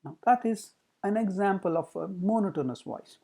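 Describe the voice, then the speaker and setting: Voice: expressive, moderate pace, creaky. A communication trainer giving a recorded training talk, explaining with rhetorical questions. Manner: demonstrates pitch, pace and loudness with the voice.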